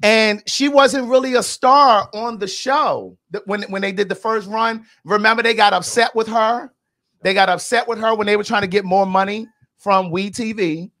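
Blunt, outspoken woman hosting a podcast. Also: medium pitch. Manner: blunt, outspoken, profane gossip; animated and emphatic. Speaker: podcast host. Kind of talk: casual pop-culture commentary.

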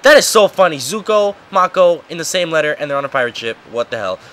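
A man's voice: fairly high pitch, very animated, rapid-fire, a bit bright. A man casually commenting on a video game as host, joking and swearing freely, over game music. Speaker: let's play host.

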